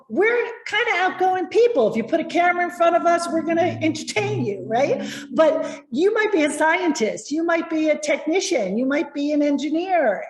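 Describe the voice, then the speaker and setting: A woman presentation coach giving lively, encouraging tips to viewers over a video call. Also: fairly high pitch, reverberant.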